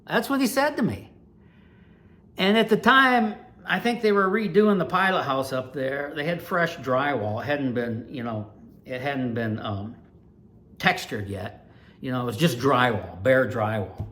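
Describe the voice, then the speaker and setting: Older man, sixties, from Ohio, lively storyteller, big swings in volume, mid pitch. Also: measured pace. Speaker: retired dirt track race announcer, channel host.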